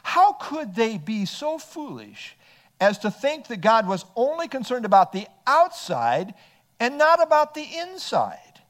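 A man's voice: very high-pitched, big pitch swings, measured pace, a bit bright. A male pastor preaching an earnest expository sermon, reading scripture aloud and explaining it.

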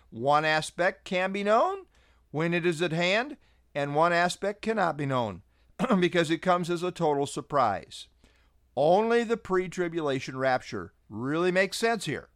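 A man's voice: on the high side, sing-song, normal speed, a bit bright, no room sound, clean studio sound. A man preaching an expository sermon who reads verses aloud with emphasis and cites chapter and verse numbers.

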